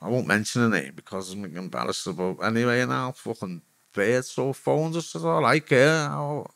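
A man's voice: lowish voice, animated, fairly quick, vocal fry, fairly bright tone, no echo, clean studio sound. A man in his forties with a Liverpool accent, a former footballer telling his story as a guest in frank, rambling talk full of swearing. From Liverpool, England. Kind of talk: candid storytelling.

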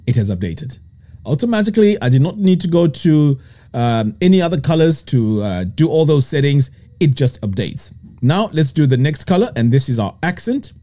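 A man presenting a screen-recorded web design tutorial, explaining each step in a relaxed, step-by-step way. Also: medium pitch. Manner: relaxed step-by-step walkthrough, frequent "so" and "okay".

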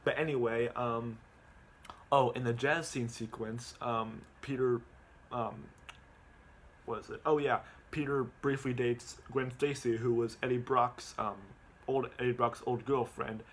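A man's voice: medium pitch, steady tone, measured pace, slight background noise. A man casually recapping a movie at home, stumbling over his words with lots of ums and repeats.

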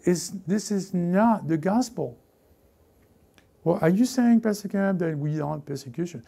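Male pastor preaching, gravelly mellow voice, animated delivery that slips into character voices. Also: sits high, measured pace. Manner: animated, repeats words, acts out characters. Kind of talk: lively sermon with acted-out voices.

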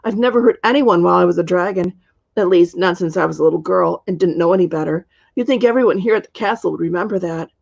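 A woman's voice: on the low side, fast, creaky, a little mellow, husky. A woman voicing an earnest young princess who turns into a dragon, in a dull lo-fi recording. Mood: upset. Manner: earnest, puzzled complaint.

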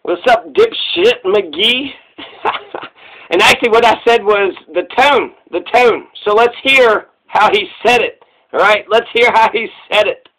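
A man with a high voice rambles through casual commentary. He repeats himself and sounds sarcastic. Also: moderate pace, bright, forceful tone, low-quality recording.

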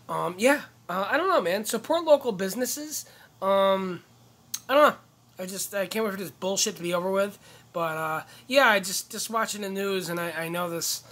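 A man's voice: high voice, pushed and bright. A man comedian ranting casually to camera, profane and rambling, jumping from one gripe to the next. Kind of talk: casual vlog rant to camera.

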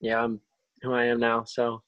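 A young man sharing a personal faith testimony over a video call, halting, with many restarts and fillers. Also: medium pitch, completely flat delivery, no echo, muffled recording. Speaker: testimony speaker.

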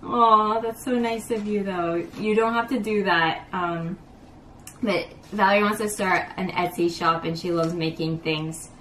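Soft-spoken young woman, distant roomy mic. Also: mid-range voice, steady tone, a little slow. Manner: warm, gushing, many fillers and "like". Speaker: vlogger. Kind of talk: casual chat to camera. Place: small apartment room indoors. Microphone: camera mic at a distance. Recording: roomy, distant mic, faint background hum.

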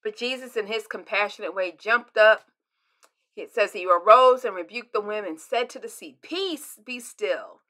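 Speaking at normal speed in a medium-pitched voice, an older female pastor preaches a devotional sermon. Her expressive delivery moves from loud, emphatic moments to near-whispers.

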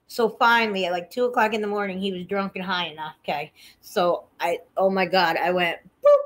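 A woman's voice: mid-range voice, fairly even intonation, brisk, a bit bright. A woman hosting a casual livestream, chatty and profane, greeting viewers by name as she tells stories. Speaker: livestream host.

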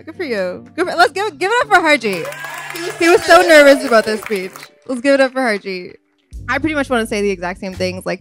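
Young woman, bride speech, handheld mic, reception hall, gushing, grateful, tearful. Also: medium pitch. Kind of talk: wedding speech.

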